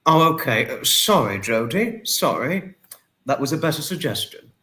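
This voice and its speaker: A man hosting a casual livestream, warmly greeting and thanking viewers by name and apologizing often. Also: a little high, very animated, normal speed. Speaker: livestream host. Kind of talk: casual livestream chat reading viewer comments.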